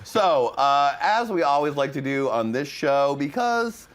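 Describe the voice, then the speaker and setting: A man's voice: a little high, expressive, measured pace. A man hosting a casual TV recap chat, gossipy and catty as he runs through the episode. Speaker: host.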